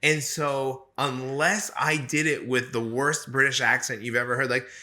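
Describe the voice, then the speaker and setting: A man co-hosting a casual podcast chat, talking in an animated, rambling way with frequent restarts. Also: medium pitch, normal speed. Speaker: podcast co-host.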